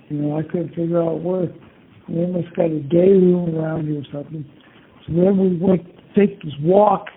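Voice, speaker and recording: A man's voice: on the high side, breathy edge. An older man talking in a casual, meandering way, rambling through memories and leaning on "you know" and curse words. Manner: meandering, peppers talk with "you know" and cursing. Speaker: interviewee. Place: prison, over a phone call. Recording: tinny phone line.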